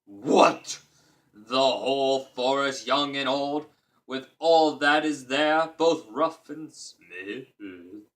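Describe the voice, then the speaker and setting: Man playing a storybook giant, huge, boastful, dim-witted, loud and booming, bright forceful tone. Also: takes it slowly. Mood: bellowing.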